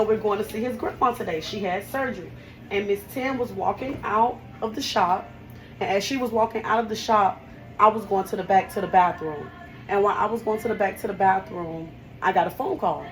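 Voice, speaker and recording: A woman's voice: a little high, rough recording. A young woman who works as a hairstylist speaks in a raw, heartfelt way, her voice straining with grief. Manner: raw, heartfelt, breaking with emotion. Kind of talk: personal storytelling to camera.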